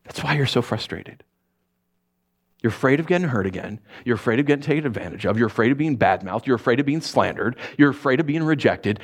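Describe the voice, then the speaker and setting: A man voicing a gentle but firm male divine figure who reassures a preacher in a quiet, steady, insistent tone. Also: medium pitch, fast talker. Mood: gently firm.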